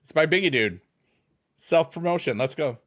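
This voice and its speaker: Man streaming a game, bright tense voice, lively pitch, goofy chicken chants, casual chat with viewers. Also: normal speed.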